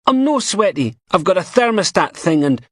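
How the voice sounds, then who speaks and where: A man's voice: mid-range voice, big pitch swings, measured pace, fairly bright tone, slightly rough, no echo, clean studio sound, pitched above the performer's own voice, exaggerated voice. A man voicing a young, foul-mouthed street drug dealer who is jittery and swaggering. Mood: hoarse panic.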